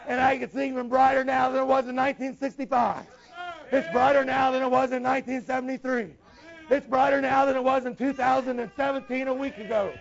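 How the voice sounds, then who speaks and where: Male preacher, very high voice, fair amount of fry, fervent and shouty at peaks, muffled lo-fi sound. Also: level tone. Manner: impassioned, breaks into shouts, slows down to stress key lines. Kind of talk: sermon. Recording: dull lo-fi recording.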